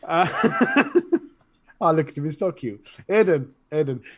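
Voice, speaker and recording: A man with a northern English accent banters as co-host of a casual show, teasing and giggly. His voice sits high and swings around a lot. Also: big pitch swings, slow pace, slightly rough.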